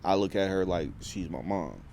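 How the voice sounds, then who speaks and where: A man's voice: deep voice, animated, normal speed, darkish tone, slight background noise. A young man talking to camera in a rambling, intense vlog monologue, full of restarts and slang. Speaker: vlogger.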